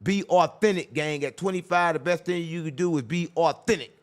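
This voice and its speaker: Brash fast-talking podcast host man. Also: a little high. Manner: brash, profane, preachy. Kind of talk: casual podcast chat.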